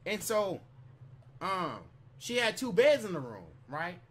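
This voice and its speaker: A man's voice: high-pitched, slightly rough. A man casually telling a long, profane story as a vlogger, rambling with restarts and repeated "you know what I'm saying". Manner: animated retelling with quick restarts.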